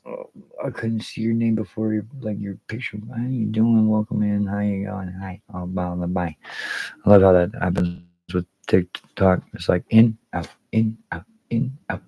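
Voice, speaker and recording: A man's voice: on the low side, flat delivery, normal speed, vocal fry, no room sound, lo-fi sound. A man hosting a casual livestream, rambling and swearing freely while greeting viewers by name. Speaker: livestream host.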